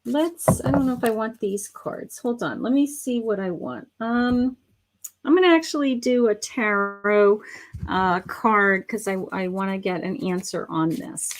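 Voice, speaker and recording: A middle-aged woman hosting a live psychic reading, speaking softly with many fillers and restarts, affectionate and a little hoarse as she says she is losing her voice. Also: mid-range voice, a little slow, slight background noise. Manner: soft-spoken, meandering, with many fillers and restarts; affectionate, calls viewers honey and sweetheart. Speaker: psychic medium livestream host.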